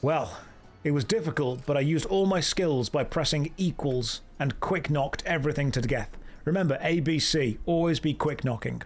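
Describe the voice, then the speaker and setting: A man's voice: fairly high pitch, normal speed, soft background music. Sarcastic man streaming a game. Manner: sarcastic, jokey running commentary. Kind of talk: live game commentary.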